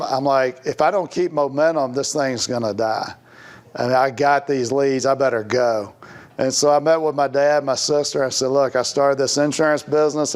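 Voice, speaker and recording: Man telling a lively sales story. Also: medium pitch. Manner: animated, rambling, laughs while telling stories. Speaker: interview guest, insurance agent. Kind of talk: casual storytelling.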